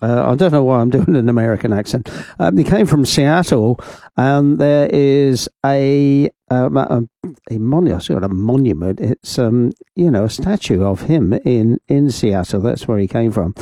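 A man's voice: medium pitch, expressive, normal speed, mellow, no room sound. An older man, presenting music on the radio in a rambling, chatty way with many ums and asides. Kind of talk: casual radio chat.

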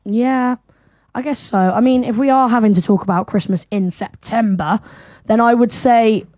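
A woman from the South of England co-hosting a radio show, teasing her partner in a playful, gently sarcastic way. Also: a little high, normal speed, dry recording. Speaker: radio co-host. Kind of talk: casual radio chat.

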